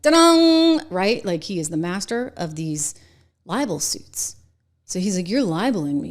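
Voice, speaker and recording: A middle-aged woman hosting a show, giving chatty, animated political commentary and laughing between points. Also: on the low side.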